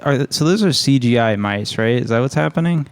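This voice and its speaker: A man's voice: medium pitch, expressive, brisk, clean tone. A man co-hosting a podcast, discussing a film in a dry, understated way. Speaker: podcast co-host.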